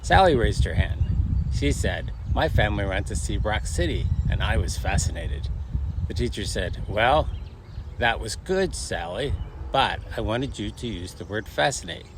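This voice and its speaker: A man telling jokes as short stories, acting out the characters' lines in a lively way. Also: fairly low pitch, moderate pace, background noise. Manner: animated, acts out the quoted voices. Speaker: joke teller. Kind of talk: storytelling jokes.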